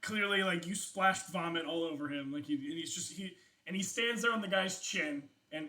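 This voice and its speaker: A man's voice: on the high side, moderate pace, few pauses, pushed and bright. A man narrating as game master of a tabletop game, chatty, with many fillers and laughs.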